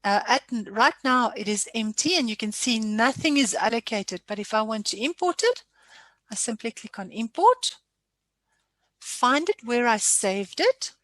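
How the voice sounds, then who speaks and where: A woman trainer giving a casual screen-share software tutorial, chatty and self-deprecating with frequent apologies. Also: on the high side, expressive, measured pace, dry recording.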